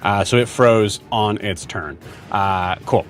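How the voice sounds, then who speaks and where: A man narrating as game master of a tabletop role-playing game, casual and halting with many fillers. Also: on the low side, soft background music.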